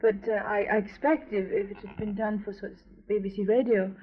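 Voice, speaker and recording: A woman opera singer, a guest on a radio interview, telling lively anecdotes in a chatty way. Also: medium pitch, fairly quick, husky. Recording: dull lo-fi 1970s radio recording.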